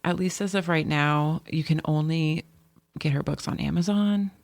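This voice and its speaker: Brief: woman co-host, gravelly fry, chatty and rambling, dry close sound. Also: low-pitched, normal speed, no room sound. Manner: chatty, rambling with frequent restarts. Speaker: podcast co-host. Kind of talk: casual chat.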